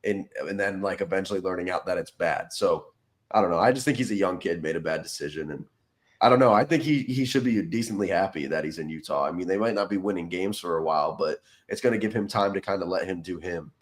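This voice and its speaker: This young adult co-host of a casual sports podcast has a deep voice and talks fast. His speech wanders, full of "like" and false starts.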